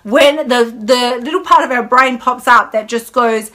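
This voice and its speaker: With a fairly high, bright, forceful voice, a woman running a casual live stream discusses her eating habits candidly and with emphasis. She talks at a normal speed with hardly any pauses, chatting and acting out her inner thoughts.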